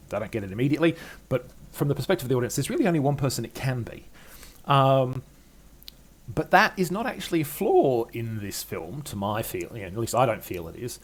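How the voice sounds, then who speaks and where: An older man giving a chatty, wry film review, full of ums and uhs. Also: mid-range voice. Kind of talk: casual film review monologue.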